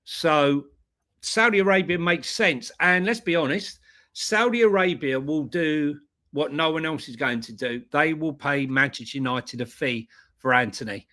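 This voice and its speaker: A man's voice: on the high side, normal speed, bright, forceful tone. A man co-hosting an online football news show, chatting casually and laughing easily. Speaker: co-host.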